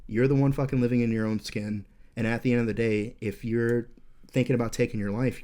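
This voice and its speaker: A man's voice: mid-range voice, mellow. A man in his twenties or thirties talks through a hard memory on a casual podcast. He swears a lot and rambles, stacking fillers and restarts, with an intense, driven delivery. His voice sits in an ordinary middle register. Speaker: podcast host, veteran.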